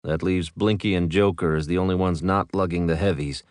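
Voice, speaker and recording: A man's voice: sits low, steady tone, fairly quick, darkish tone, no room sound, clean studio sound, natural voice. A man doing a blunt military major. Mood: firm. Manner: blunt, commanding. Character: blunt male military major, team leader.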